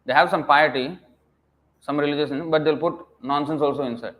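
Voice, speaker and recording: A man's voice: a little high, fairly even intonation, brisk, a bit bright. A man giving a scripture lecture as a preacher, emphatic and scolding, firing rhetorical questions and dropping to a mutter at phrase ends.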